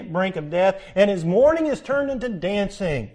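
A man preaching a sermon, swinging between loud emphatic passages and hushed, earnest ones. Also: high-pitched, expressive, moderate pace, hardly any pauses. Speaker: pastor.

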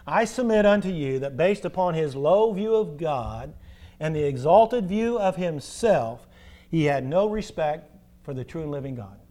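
A man delivers a sermon as pastor in a notably high voice. He hammers his points with rhetorical questions like "don't we?" and alternates loud, stressed words with drawn-out, quiet phrase endings. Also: animated. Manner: emphatic preaching with rhetorical questions.

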